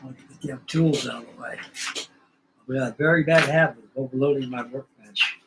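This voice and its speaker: A man's voice: mid-range voice, fairly even intonation, fairly quick, background noise. A man hosting a scale-model building livestream, telling rambling, folksy stories in casual chat from his home workshop bench.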